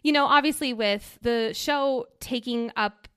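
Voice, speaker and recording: A young woman co-hosting a chatty podcast, her voice sitting a little high as she spins an animated, laugh-filled story. She talks loosely with plenty of "like"s. The sound is dry and close, with no room around it. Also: a little slow, smooth, no room sound. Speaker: podcast co-host. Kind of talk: casual podcast chat and storytelling.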